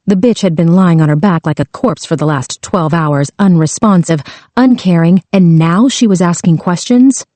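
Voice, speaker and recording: Warm low-voiced woman narrating an audiobook. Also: moderate pace, dry recording.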